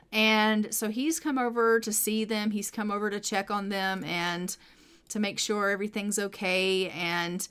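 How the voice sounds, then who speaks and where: A woman's voice: mid-range voice, fairly bright tone, clean tone. A young adult woman narrating a life-simulation game in a casual storytelling way, with frequent fillers. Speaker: let's play narrator.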